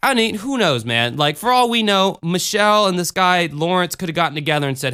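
Young guy on a podcast, bright clear voice, swears a lot and rambles through stories. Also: high-pitched, brisk. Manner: rambling, profane, animated storytelling. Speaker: podcast co-host reviewing a book. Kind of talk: casual chat.

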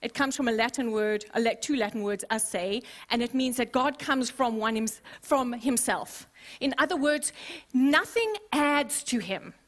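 A woman pastor preaching a sermon, expressive and playful, with humorous asides to the congregation. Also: on the high side, a little slow. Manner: expressive, acts out scenes.

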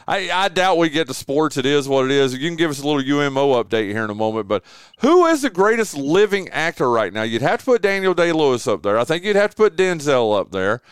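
A male morning radio host, chatting loosely and calling his guest dude. His voice is smooth and resonant, and his pitch swings freely. The studio sound is dry and close. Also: very animated, fast, dry recording. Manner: loose, friendly, calls people dude. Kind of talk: casual radio chat.

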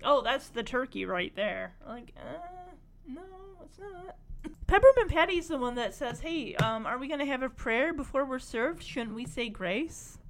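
High, lively woman recapping a cartoon. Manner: chatty and opinionated, with frequent asides. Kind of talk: casual retelling of a cartoon special.

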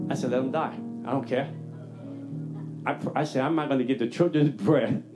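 Animated storytelling preacher. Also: male voice, medium pitch, moderate pace, over loud music. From New York. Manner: animated storytelling, acts out his own dialogue. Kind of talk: testimony sermon.

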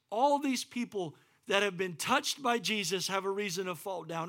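A man preaching a sermon as pastor, animated and acting out the scripture quotes in varied voices. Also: high voice. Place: church.

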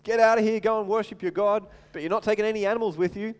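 A man's voice: high voice, fairly even intonation, very fast, clean tone, close to an everyday voice. A man voicing a stubborn, grudging male ancient king with a dismissive, bargaining manner, in a hall with long reverb.

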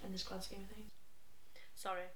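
A woman's voice: mid-range voice, little pitch movement, a little fast, heavy background noise. A young woman co-hosting a casual podcast, telling an exasperated anecdote. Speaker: podcast co-host. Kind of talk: casual chat, storytelling. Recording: roomy, distant from mic.

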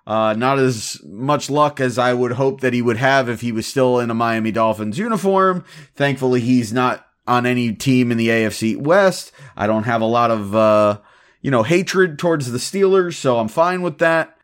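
A man's voice: medium pitch, normal speed. A man co-hosting a sports podcast, giving his opinions in casual chat with frequent restarts. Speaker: podcast co-host.

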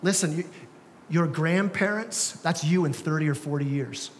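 A young man on the high side of the pitch range preaches as pastor in a church sanctuary, moving at a moderate pace. He chats through the sermon with slang and frequent restarts; there's slight background noise and a long church-hall reverb.

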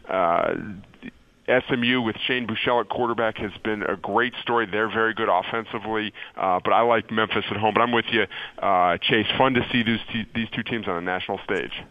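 A man's voice: fairly low pitch, dry recording. A man analyzing college football as a guest on a sports radio show. He talks in a thinking-aloud way, hesitant and full of restarts. His voice comes over a slightly muffled, dry remote line.

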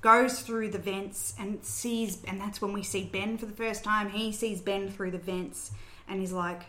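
Bright-voiced woman host, casual storytelling recap, roomy echo. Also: medium pitch, fairly even intonation, measured pace. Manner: chatty, storytelling recap with fillers. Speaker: podcast host recapping a film. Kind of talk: casual chat.

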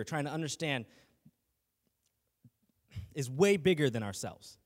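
A man's voice: a little high, lively intonation, a little slow. Man preaching casually in a reverberant hall. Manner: conversational, many restarts and fillers. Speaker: lay Christian speaker and teacher. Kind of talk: casual faith talk.

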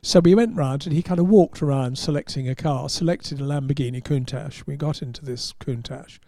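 A man, a podcast host and motoring journalist, telling an anecdote in an animated way and chuckling at his own punchlines. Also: on the high side, fairly quick, no room sound, clean studio sound. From England. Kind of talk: anecdotal storytelling.

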